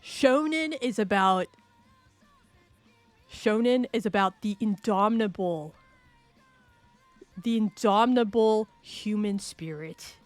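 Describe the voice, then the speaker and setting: A woman's voice: mid-range voice, takes it slowly, long pauses, no room sound, soft background music. A woman streaming live, chatting casually and playfully, rambling, laughing often and answering her chat.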